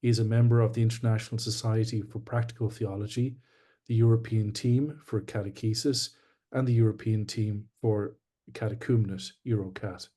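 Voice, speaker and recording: A man hosting a webinar, introducing the guest in a measured, formal way. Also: fairly low pitch, flat delivery, warm tone. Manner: measured, formal, with light fillers. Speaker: webinar host. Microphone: video call.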